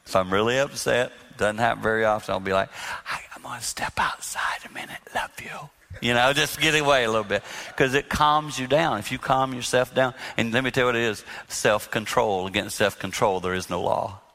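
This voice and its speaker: A man preaching about marriage to a live room, his voice forceful and bright. He speaks emphatically and sinks to a soft, hushed tone whenever he quotes his own words. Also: medium pitch, fairly quick, in a large hall. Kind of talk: live talk to an audience. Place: hall with audience.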